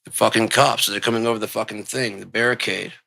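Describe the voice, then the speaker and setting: A man with a low, gravelly voice and a bright, forceful edge rants on in a rambling monologue. He swears constantly and jumps without warning into loud, heated outbursts. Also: fairly even intonation, fast talker. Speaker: show host.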